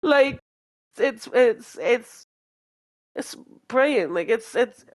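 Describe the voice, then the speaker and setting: A woman's voice: a little high, expressive, takes it slowly. Woman, podcast co-host, casual chat, rambling, filler-heavy, laughs a lot. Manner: rambling, many fillers and restarts, laughs often.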